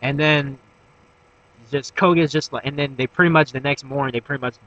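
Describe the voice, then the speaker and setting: A young man giving a casual episode recap, rambling with fillers and restarts, swearing, and breaking into excitable bursts. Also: medium pitch, brisk, lo-fi sound. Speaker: anime reviewer.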